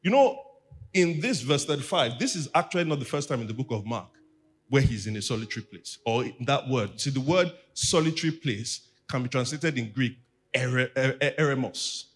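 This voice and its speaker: A man's voice: mid-range voice, expressive, moderate pace, husky. Male pastor, mid-range voice, preaches a teaching sermon and draws the congregation in. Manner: teaching, asks the congregation to repeat after him. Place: church.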